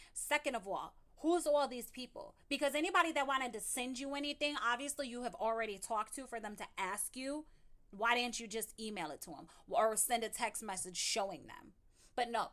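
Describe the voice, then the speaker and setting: Woman commentary host, slightly high voice, sarcastic scolding. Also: fairly bright tone. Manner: scolding, sarcastic, addresses the clip directly. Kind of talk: reaction commentary.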